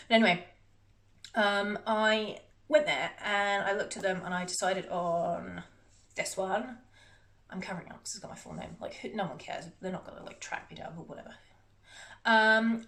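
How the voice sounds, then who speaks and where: In this casual haul chat to camera, a woman who vlogs about beauty rambles about things she recently bought, self-mocking and talkative. Her pitch is medium and slightly bright. Faint noise and echo fill the room.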